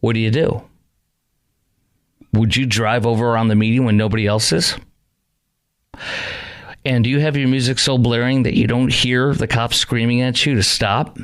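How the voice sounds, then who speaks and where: A man's voice: mid-range voice, fairly even intonation, moderate pace, long pauses, smooth. Emphatic male talk radio host. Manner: emphatic, rhetorical questions. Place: radio studio. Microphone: studio microphone.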